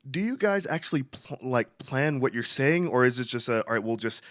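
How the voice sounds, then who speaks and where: A man's voice: mid-range voice, lively intonation, fairly quick, fairly bright tone, dry recording, studio quality. A man co-hosting a podcast, asking eager, long-winded questions in a casual interview and restarting his sentences often. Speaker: podcast co-host.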